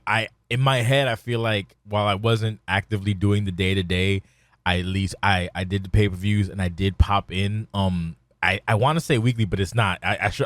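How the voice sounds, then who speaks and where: A man's voice: fairly low pitch, no echo. A man hosting a podcast, talking in a rambling, hesitant casual chat with some swearing.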